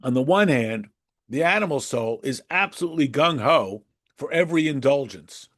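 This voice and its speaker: A man's voice: medium pitch, normal speed. A man teaching a Torah class in a casual, digressive way, slipping Hebrew terms in and translating them, and acting out little dialogues. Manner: chatty and digressive, with frequent restarts and asides; lively, acts out little dialogues. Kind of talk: conversational lesson.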